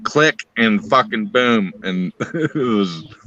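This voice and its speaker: A man spins a long story in a bright, forceful voice, swearing in nearly every sentence and piling one aside on top of another. The sound is dry and close, with almost no room around it. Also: fairly low pitch, slow pace, no echo, highs cut off. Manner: rambling, swears constantly, animated retelling. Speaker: storyteller on a live stream. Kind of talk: casual profane storytelling.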